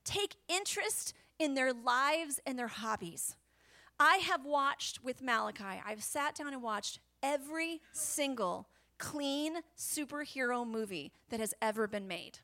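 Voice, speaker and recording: A woman preaching a sermon, animated and chatty, often dropping to a whisper and laughing. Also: sits high.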